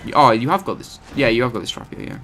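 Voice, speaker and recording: A man's voice: mid-range voice, expressive, fast, a bit bright, soft background music. A man hosting his gaming channel, giving rambling, chatty live commentary over his gameplay and often correcting himself.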